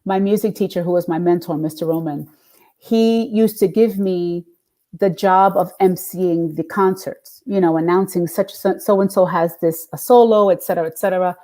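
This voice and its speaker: A woman's voice: on the low side, normal speed. A middle-aged woman, a singer and radio DJ, telling stories in a casual interview and acting out the voices she quotes. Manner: animated, acts out quoted voices with laughs.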